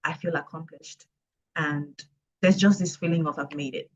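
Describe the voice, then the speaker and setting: A woman in her twenties, a book co-author and administrative assistant, speaks casually in a low-pitched, steady voice at normal speed. She sounds upbeat but a little hesitant, with many ums. The recording is dull and lo-fi.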